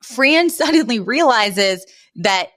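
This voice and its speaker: A woman's voice: a little high, lively intonation, slow, fairly bright tone, no room sound, studio quality. A woman co-hosting a podcast, chatting casually as she recaps a sitcom episode and acts out the characters' lines. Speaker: podcast co-host.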